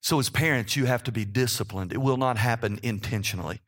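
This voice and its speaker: A man's voice: mid-range voice, fast, a bit bright. A man in his fifties delivers a sermon from a church pulpit. He preaches in a homely, conversational way, checking in with the congregation as he goes. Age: 50s. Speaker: pastor.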